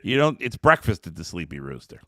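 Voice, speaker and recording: A man's voice: deep voice, very animated, a little fast, crowd noise. A man co-hosting a sports talk show, joking and swearing in casual banter. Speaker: co-host. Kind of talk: casual studio chat.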